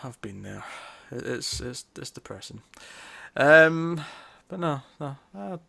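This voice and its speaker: Man, young adult, podcast host, casual chat, bright tone, self-mocking, rambling. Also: mid-range voice, lively intonation, takes it slowly, creaky. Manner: self-mocking, rambling, stumbles over words.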